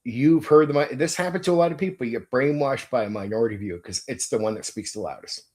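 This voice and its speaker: A man's voice: medium pitch, fast, darkish tone. Blunt, swearing man ranting. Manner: blunt, profane, repeats himself. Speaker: tabletop RPG channel host. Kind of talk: casual opinion rant to a viewer.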